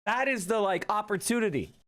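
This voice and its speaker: A man with a high voice hosts a political livestream, speaking casually and profanely with lots of energy and quick asides.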